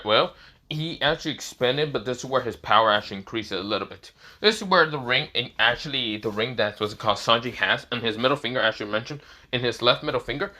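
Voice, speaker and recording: A man's voice: medium pitch, sharp tone. A man improvising a fan story, rambling with many restarts and swearing casually.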